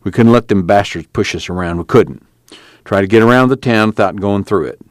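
A man's voice: lowish voice, brisk, no echo, clean studio sound, lightly acted. A man voicing an angry, strained young farmhand son with a rural drawl. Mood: tense.

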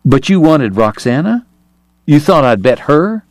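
A man voicing a restless young male army officer who asks sharp, incredulous questions. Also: on the high side, very animated, unhurried, dry recording, voice pushed up. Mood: blunt.

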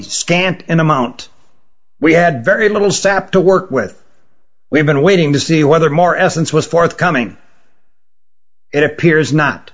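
A man reading a story, voicing a grave male distiller who speaks in measured, solemn tones. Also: a little high, fairly bright tone, dull audio. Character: grave, severe male distiller, usually melodious.

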